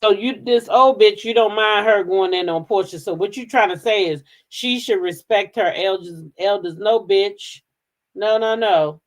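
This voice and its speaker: A woman's voice: mid-range voice, unhurried. A woman hosting a casual commentary show, sassy and emphatic, often repeating herself. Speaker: host.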